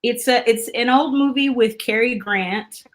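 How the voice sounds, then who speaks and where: A woman's voice: a little high, a little slow. A woman guest on a podcast, chatting in a bubbly way with lots of filler words. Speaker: actress guest. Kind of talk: casual chat.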